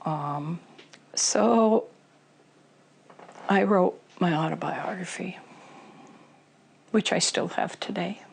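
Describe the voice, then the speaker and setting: A woman's voice: on the low side, takes it slowly, vocal fry, long pauses, slight background noise. A middle-aged woman telling her personal recovery story in an interview, candid and emotional, with many fillers.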